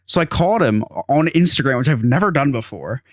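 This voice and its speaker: A man's voice: medium pitch, lively intonation, fairly quick, dry recording, studio quality. A man in his thirties hosting a podcast, telling an exasperated story in casual chat and acting out quotes. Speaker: podcast host.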